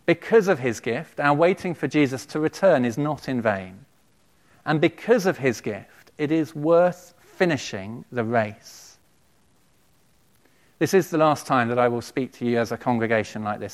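A man delivers a sermon to his congregation in a church, speaking. His preaching is earnest and measured, with an even, mid-range pitch. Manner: earnest, measured preaching with quotations read aloud. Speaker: pastor.

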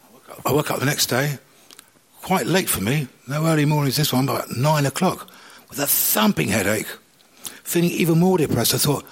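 A man telling his own life story to an audience, animated and acting out the conversations he recalls. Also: on the high side, a little fast, slightly rough. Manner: animated storyteller, acts out dialogue. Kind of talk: personal testimony to an audience.

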